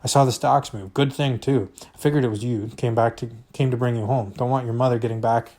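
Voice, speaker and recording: Gruff menacing farmer, read by a man. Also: medium pitch, steady tone, brisk, a little mellow, lightly acted. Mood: scolding. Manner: scolding, blunt. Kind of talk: reading a novel aloud.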